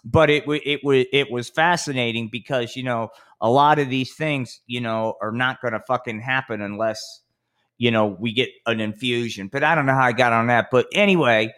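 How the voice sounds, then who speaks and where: A man hosting a podcast, riffing in a rambling, profane, animated way. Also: medium pitch, normal speed, clean tone. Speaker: podcast host.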